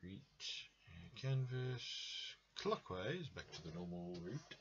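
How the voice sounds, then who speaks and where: A man's voice: low-pitched, big pitch swings, takes it slowly, vocal fry, slight background noise. A man hosting a drawing livestream in casual chat, greeting viewers by name and murmuring as he reads out requests. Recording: dull lo-fi stream audio.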